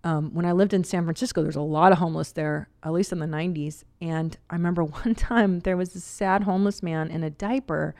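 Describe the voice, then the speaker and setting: A woman's voice: on the low side, steady tone, fairly quick, few pauses, darkish tone, no room sound. Woman, 40s, podcast host, frank, chatty, laughs a lot, dry close sound. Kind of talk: casual podcast chat.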